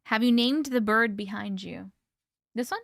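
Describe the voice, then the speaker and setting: A woman's voice: on the high side, unhurried, creaky, fairly bright tone, dry recording, studio quality. A woman hosting a livestream, chatting casually with viewers, greeting them by name and laughing often. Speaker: livestream host.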